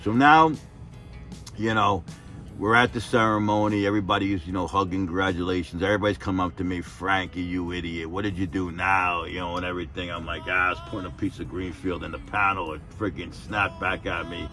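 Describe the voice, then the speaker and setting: A man's voice: deep voice, fairly even intonation, a little fast, pushed and bright, soft background music. A man telling rambling, profane stories about his old job. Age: 50s. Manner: rambling, profane, repeats "and everything". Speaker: retired electrician telling stories. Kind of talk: casual storytelling.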